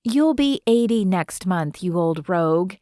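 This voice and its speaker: A woman's voice: lowish voice, lively intonation, unhurried, dark tone, no echo. Audiobook: woman reads frank young heroine, teasing, dry close mic. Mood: candid. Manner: candid, teasing, easily alarmed. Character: young woman, warm, candid best friend.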